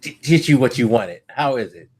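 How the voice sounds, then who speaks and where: A man's voice: mid-range voice, expressive, normal speed, a little hiss or hum. A man hosting a podcast, chatting casually with teasing, laid-back banter. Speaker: podcast host. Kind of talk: casual chat.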